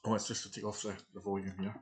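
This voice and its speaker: A middle-aged man co-hosting a casual live chat show, chatty and quick to laugh. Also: on the low side, level tone. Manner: chatty, laughs often, reads out quotes.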